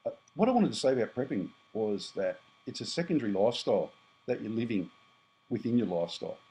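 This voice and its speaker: Australian man, fifties, lowish mellow voice, blunt rambling vlog delivery, faint background hiss. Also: big pitch swings, quick pace, rough recording. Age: 50s. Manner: blunt, rambling, self-correcting. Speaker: prepper vlogger. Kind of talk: casual monologue to camera.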